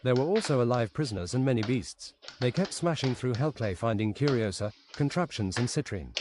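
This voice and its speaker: Streamer guy reading a story out deadpan, mid pitch voice, lots of clicking behind him. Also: a little fast, hardly any pauses, background noise.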